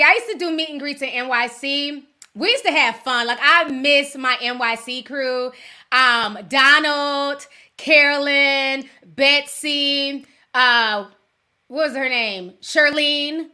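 A woman's voice: high-pitched, bright, forceful tone. A middle-aged woman hosting a casual livestream, chatting with viewers in a slangy way and laughing often. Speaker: livestream host. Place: home in Minnesota.

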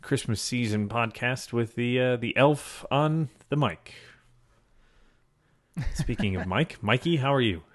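A man's voice: medium pitch, measured pace. A man co-hosting a casual podcast at a desk mic, joking and rambling with his partner. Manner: joking, rambling, laughs often. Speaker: podcast co-host. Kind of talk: casual chat. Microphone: desk microphone.

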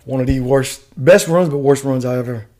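A middle-aged man from the United States telling a story as a podcast guest, casual and profane, full of animated asides. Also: medium pitch, a little fast. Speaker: guest, retired Army warrant officer.

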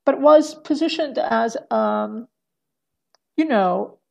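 A middle-aged woman speaks as a podcast guest, her voice strongly gravelly with plenty of vocal fry and sitting slightly high. She rambles, restarts her sentences and laughs often. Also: takes it slowly. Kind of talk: casual podcast conversation.

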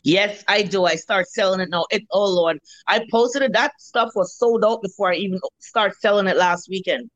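A middle-aged Jamaican woman, a food vendor, chatting in an interview as a lively storyteller who swears freely. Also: mid-range voice, moderate pace, hardly any pauses, no echo, highs cut off. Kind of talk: casual interview chat.

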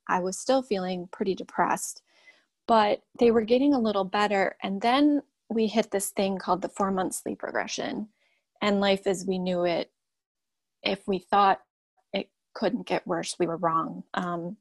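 A young woman, a mother, telling her own story in a halting, candid way with many pauses. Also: medium pitch, dry recording. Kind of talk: personal testimony.

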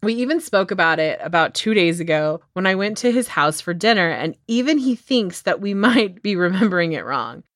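A woman's voice: fairly low pitch, expressive, a little fast, hardly any pauses, no room sound, studio quality. A young woman in her twenties co-hosting a podcast, retelling a story in a chatty way and often laughing as she goes. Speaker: podcast co-host. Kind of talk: casual chat, retelling a story.

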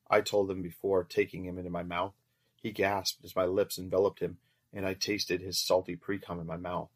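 A man reading a first-person story aloud as narrator in a steady, measured way. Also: deep voice.

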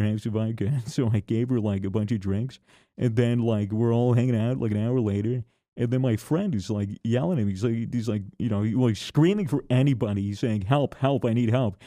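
A man's voice: mid-range voice, warm tone, dry recording, studio quality. A young man co-hosting a casual podcast, telling a rambling story full of swearing and jokes. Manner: swearing, storytelling with joking asides. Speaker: podcast co-host. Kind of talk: casual chat.

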